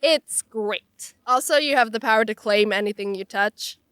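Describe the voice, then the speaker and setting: A young woman with a stuffy, nasal voice from a cold, narrating funny stories with sarcastic, animated delivery. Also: a little high, smooth, no room sound, studio quality. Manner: animated, sarcastic, quick jokes. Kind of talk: comedic storytelling narration.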